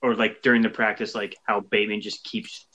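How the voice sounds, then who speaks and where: Casual podcast co-host, male, eager and giggly, bright edge to his voice. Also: lowish voice, flat delivery, a little fast, poor audio. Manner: laughs often, quotes movie lines eagerly. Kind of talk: casual movie chat.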